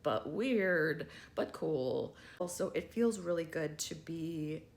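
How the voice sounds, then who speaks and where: Gravelly and a little high, the voice belongs to a trans man vlogging casually to camera. He takes it slowly with lively intonation, rambling and wry and laughing often as he talks to his viewers.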